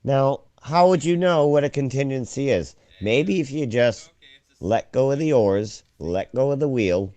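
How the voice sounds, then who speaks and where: A man hosting a profane conspiracy chat show, ranting and swearing, now and then shouting mockery. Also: on the low side, no echo. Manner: ranting, swears a lot, swings loud and mocking.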